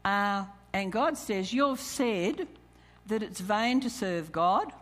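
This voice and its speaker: Preaching about tithing, a church speaker addresses her congregation in a slightly bright, mid-range voice with lively intonation and a slow pace. She reads scripture aloud, calls questions out to the listeners, and chuckles along the way.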